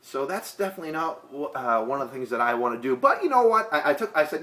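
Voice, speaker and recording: A man's voice: medium pitch, very animated, fast talker, few pauses, fairly bright tone. Man, casual vlog Q&A, rambling, jokey, plenty of ums and restarts. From Boston area. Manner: rambling, joking, many fillers and restarts. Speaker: real estate agent answering viewer questions.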